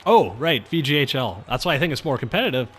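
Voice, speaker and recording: A young man giving casual, rambling commentary while playing a hockey video game, breaking into excited bursts at big plays. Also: mid-range voice, racing. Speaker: gaming commentator.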